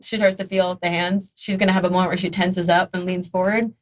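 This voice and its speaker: A woman playing a tabletop game, describing her character's actions in a relaxed, descriptive way. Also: on the low side, quick pace. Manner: descriptive, laughing often. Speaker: player. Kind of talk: casual tabletop play.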